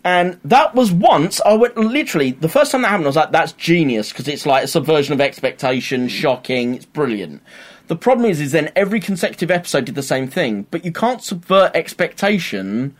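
A podcast co-host chats casually and tells stories, animatedly acting out sketch voices along the way. His voice is fairly high-pitched and a little fast.

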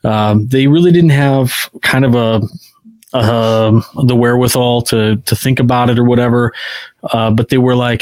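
A man's voice: mid-range voice, normal speed, no echo. A man co-hosting a podcast in casual, rambling chat, full of filler words. His voice sits in a middle register. The recording is dry and close, with no room sound. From Illinois, US. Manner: relaxed, rambling with many fillers. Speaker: podcast co-host.

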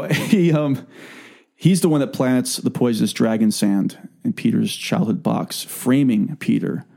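Gravelly warm-toned guy reading out passages and joking, podcast host. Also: medium pitch. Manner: enthusiastic, joking, halting restarts. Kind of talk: casual book-club chat, reads passages aloud.

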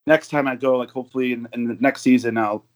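A man's voice: mid-range voice, fairly even intonation, quick pace. A man from the United States, a guest on a casual podcast, telling long stories with lots of fillers and restarts. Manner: rambling storyteller with many fillers and restarts. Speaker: guest, overseas football supporter.

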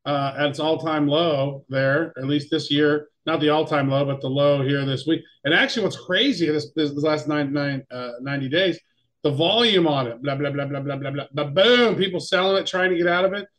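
A man's voice: a little high, moderate pace, fairly bright tone. A man co-hosting a casual crypto podcast, playful and rambling as he reads off the weekly winners. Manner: playful, rambling, self-mocking. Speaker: podcast co-host.

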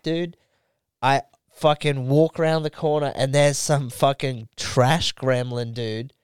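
A man's voice: medium pitch, clear, resonant tone, dry recording, clean studio sound. A young man co-hosting a podcast, telling a story in laid-back, heavily sworn casual banter. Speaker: podcast co-host.

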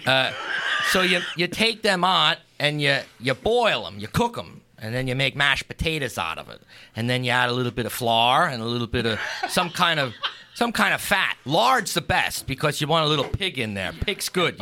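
A man's voice: medium pitch, big pitch swings, moderate pace, sharp tone, voice pushed down, exaggerated voice. A man voicing a brash, folksy Pennsylvania Dutch home cook with a thick Pennsylvania Dutch accent, talking a blunt comedic bit on a talk show. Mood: boastful. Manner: boastful, folksy, blunt put-downs. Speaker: guest.

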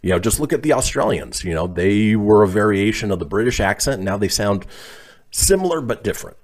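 Low-voiced, chuckling radio host. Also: male voice, expressive, fairly quick. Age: adult, calls himself officially old. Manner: reads listener posts aloud, chuckles often. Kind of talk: casual comedic talk show.

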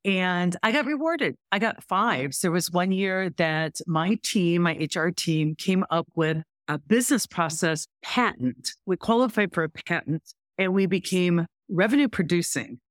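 A middle-aged woman, a podcast guest, telling a story in an animated way and acting out both sides of a conversation. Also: lowish voice, a little slow, hardly any pauses, no room sound, studio quality. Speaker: podcast guest, workplace author and speaker. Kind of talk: storytelling interview chat.

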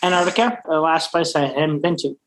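A man's voice: fairly high pitch, lively intonation, brisk, fairly bright tone, poor audio. Brash, profane man telling stories. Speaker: restaurant owner and wine expert. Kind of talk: casual interview.

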